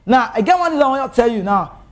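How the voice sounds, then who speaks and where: A man with a Nigerian Pidgin accent hosting a casual commentary show, talking with animated rhetorical questions. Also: very high voice, quick pace. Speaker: show host.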